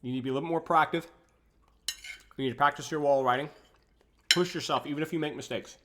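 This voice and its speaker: Relaxed young male game coach, eating. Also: a little high, fast. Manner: relaxed, answers chat questions while eating. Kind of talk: casual live-stream chat.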